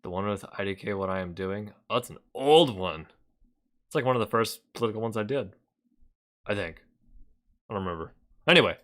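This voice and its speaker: A man's voice: on the low side, expressive, fairly quick, pauses often, a bit bright. A man casually reacting to a clip, sarcastic and chatty, often laughing and swearing. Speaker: commentary video host.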